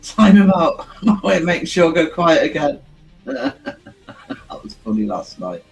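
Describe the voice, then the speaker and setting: Man, high voice, casual livestream chat, laughs a lot, faint music behind. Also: big pitch swings, moderate pace, gravelly, poor audio. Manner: chatty, laughs often, many fillers. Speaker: livestream host.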